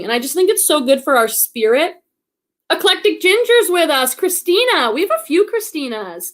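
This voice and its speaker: Casting: middle-aged woman, high voice, excitable chatty livestream host reading out viewer comments. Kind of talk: casual livestream chat.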